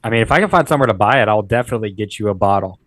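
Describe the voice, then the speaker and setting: A man's voice: lowish voice, expressive, rapid-fire, fairly bright tone, no echo. Guy hosting a podcast, laid back and jokey, dry close mic sound. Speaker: podcast host. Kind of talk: casual podcast chat.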